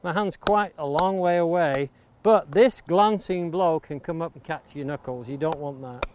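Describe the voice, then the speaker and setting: A man's voice: a little high, moderate pace, darkish tone. A man teaching how to shape a wooden blank with an axe, explaining each step and stressing safety, recorded outdoors near the coast. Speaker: woodcarving instructor. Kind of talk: hands-on demonstration tutorial. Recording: clear background noise of chopping and clicks. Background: axe chops and clicks.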